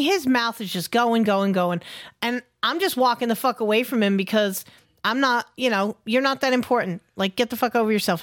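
A woman's voice: a little high, dry recording, studio quality. A woman co-hosting a podcast, telling a story in a blunt, emphatic, heavily profane way. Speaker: podcast co-host.

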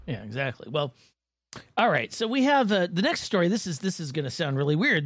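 A podcast co-host with a lively, rising-and-falling voice, hesitant in chat, with many restarts. When reading the segment script, the delivery turns smooth and steady. The sound is dry and close. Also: mid-range voice, brisk, no echo.

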